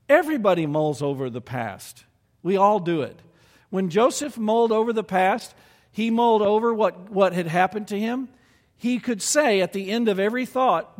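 Male preacher, a touch high-voiced, earnest sermon delivery with swells of emphasis, long hall reverb. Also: expressive, unhurried. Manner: earnest, rising to emphatic peaks. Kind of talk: sermon with scripture reading.

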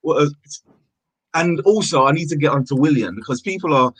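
A man's voice: fairly high pitch, lively intonation, brisk, husky, no room sound, rough recording. A frustrated man in a heated casual football chat, stammering, repeating words and swearing. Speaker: football fan panelist. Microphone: own mic on an online call.

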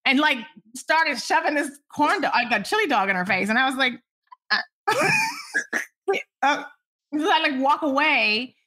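Bright, animated woman telling stories. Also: sits high, normal speed, pauses often. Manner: animated, laughing, acts out quotes. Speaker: entertainment journalist. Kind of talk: casual interview storytelling.

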